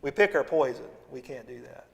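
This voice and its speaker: A man preaching a sermon as associate pastor, folksy and humorous, swinging between loud emphasis and quiet asides. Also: mid-range voice, animated, brisk, vocal fry, background noise. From Missouri, USA. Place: church sanctuary. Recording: long church reverb.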